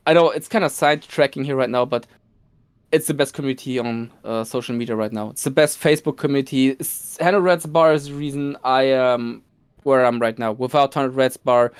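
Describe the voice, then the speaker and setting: A man's voice: mid-range voice, fairly quick, clear, resonant tone. A man who is a cosplayer, guesting on a casual podcast, eager and laughing often.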